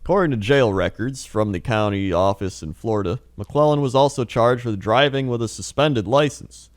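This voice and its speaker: A man putting on a low, deadpan voice to read a story like a late-night video narrator. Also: no room sound, studio quality, close to an everyday voice. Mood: solemn. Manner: deadpan, slow, low news-reading delivery. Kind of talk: mock news reading.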